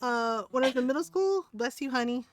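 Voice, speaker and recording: A woman streamer talks casually with her chat in a fairly high voice, trading stories and laughing easily. Soft music plays faintly under her talk. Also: lively intonation, a little fast. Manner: chatty storyteller, laughs often, answers chat. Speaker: livestreamer.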